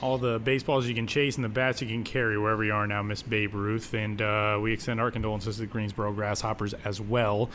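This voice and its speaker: A man's voice: fairly low pitch, flat delivery, fast, few pauses, a bit bright, slight background noise. A man hosting a baseball podcast, chatting casually and laughing often. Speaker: podcast host.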